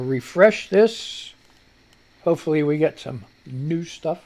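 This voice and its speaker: A man's voice: fairly high pitch, lively intonation, takes it slowly, creaky, pauses often, darkish tone. Guy hosting a live stream, rambly and salty, voice jumps all over, kinda winded. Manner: rambling, salty, self-mocking. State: short of breath. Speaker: live show host. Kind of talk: casual live-stream chat.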